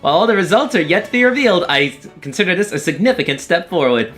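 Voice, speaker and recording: A man's voice: high voice, sing-song, quick pace, fairly bright tone, faint music behind, pitched above the performer's own voice. A man voicing an eccentric, smug young female scientist, reading game dialogue with theatrical, formal phrasing. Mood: smug gratitude.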